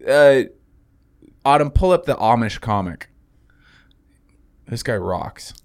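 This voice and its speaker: A man's voice: medium pitch, slow pace. A young man co-hosting a comedy podcast, joking crudely in casual chat. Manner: crude, joking, animated storyteller.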